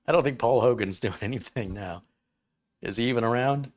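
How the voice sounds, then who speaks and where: This livestream host is a man in his fifties who rambles, pokes fun at himself, and keeps the chat light and jokey. He talks at a medium pitch and a little fast.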